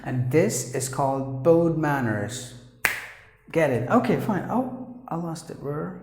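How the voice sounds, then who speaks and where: A man teaching English pronunciation in a classroom, saying each word twice, slowly and deliberately. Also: on the high side, very animated, a little mellow. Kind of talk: pronunciation lesson. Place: classroom with a board. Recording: echoey room.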